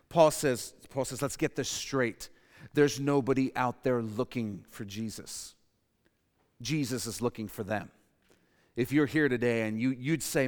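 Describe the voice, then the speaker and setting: A man preaching a sermon with passion, dropping to a hush and then rising to near shouts. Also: mid-range voice, a little slow, big-room sound. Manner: impassioned, swings from hushed to loud. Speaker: pastor.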